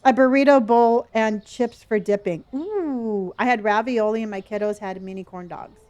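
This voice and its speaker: Middle-aged lady streamer, kinda high voice, playful and chatty with chat. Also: normal speed, darkish tone, muffled recording. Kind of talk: casual live-stream chat with viewers.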